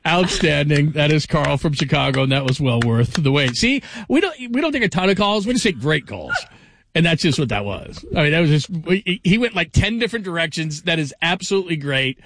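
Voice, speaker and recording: A man's voice: on the high side, sing-song, fairly quick, a bit bright. A man hosting a national talk show, enthusiastic and laughing easily between loose remarks. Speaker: radio host.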